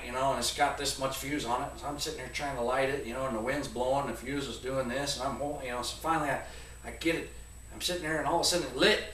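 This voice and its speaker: A man around forty, telling a comic story to an audience in a rambling, animated way. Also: on the high side. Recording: echoey room, voice from a distance.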